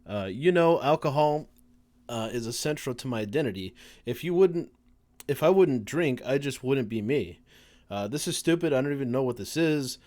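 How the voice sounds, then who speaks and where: A man's voice: mid-range voice, expressive, moderate pace, a little mellow. A male streamer chatting casually through a live game session. He curses freely and stumbles when he reads lines aloud. His voice sits in an everyday middle range. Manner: casual, swears often, stumbles while reading aloud.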